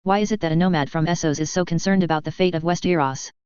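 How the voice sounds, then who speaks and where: A woman's voice: lowish voice, steady tone, fast talker, a little mellow, clean tone, no room sound, close to an everyday voice. A woman reading a stern, wary marsh warrior woman. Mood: suspicious. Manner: blunt, suspicious questioning. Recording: slightly dull lo-fi dry.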